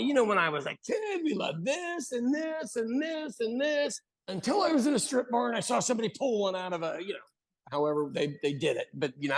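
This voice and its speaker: An American man co-hosting a podcast, chatting casually and telling stories with animated acted-out quotes. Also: fairly high pitch, gravelly. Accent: General American. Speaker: podcast co-host. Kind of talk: casual chat.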